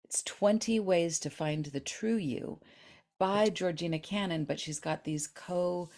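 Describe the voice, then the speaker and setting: A woman with a low voice hosts a podcast in a relaxed, chatty way. She is effusive and talkative, and laughs often. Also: unhurried. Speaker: podcast host. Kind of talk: casual interview chat.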